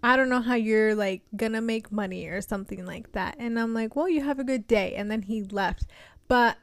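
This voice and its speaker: A young woman co-hosting a podcast, telling a story with lively acted quotes and a few Spanish words mixed in. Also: fairly high pitch, moderate pace, dry recording. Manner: animated storytelling, acts out quotes, code-switches into Spanish. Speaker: podcast co-host. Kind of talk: casual chat.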